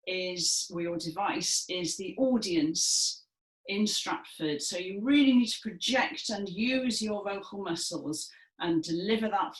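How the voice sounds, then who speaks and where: A woman leading a gentle seated movement session, speaking clearly and encouragingly with some dramatic emphasis. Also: mid-range voice. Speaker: movement and music session leader. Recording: echoey room.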